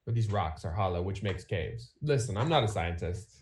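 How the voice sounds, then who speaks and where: A man's voice: deep voice, animated, normal speed, darkish tone, echoey room, a little hiss or hum. Joking man at a tabletop game. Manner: joking, dry. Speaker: player.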